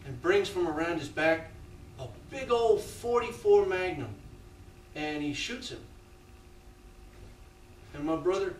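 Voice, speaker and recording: A man performing a theatrical monologue on a small theatre stage, telling a confessional story with halting restarts. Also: a little high, lively intonation, a little hiss or hum. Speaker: stage actor playing a death row inmate. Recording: roomy theatre sound from a distant mic.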